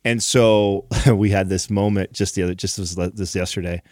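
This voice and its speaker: A man's voice: low-pitched, steady tone, normal speed, darkish tone, no room sound, clean studio sound. A young man co-hosting a casual podcast, animatedly telling a story with many restarts and repeats. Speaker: podcast co-host.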